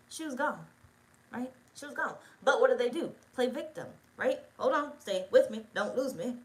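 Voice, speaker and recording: A woman's voice: fairly high pitch, animated, normal speed, rough recording. Female tarot reader, loose and profane, keeps checking in with the audience. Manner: rambling, profane, talks straight to viewers. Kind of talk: casual spoken tarot reading.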